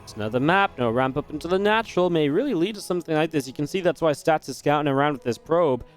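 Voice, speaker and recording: A man casting a real-time strategy match alone, in energetic play-by-play commentary with chatty asides. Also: fairly high pitch, fast talker, soft background music. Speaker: esports caster. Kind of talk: solo play-by-play game commentary.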